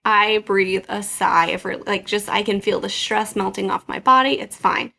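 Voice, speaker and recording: A woman co-hosting a podcast, telling lively, laughing stories about her kids in a casual chat. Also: medium pitch, moderate pace, vocal fry, hardly any pauses. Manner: animated, laughing anecdote-teller. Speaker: podcast co-host.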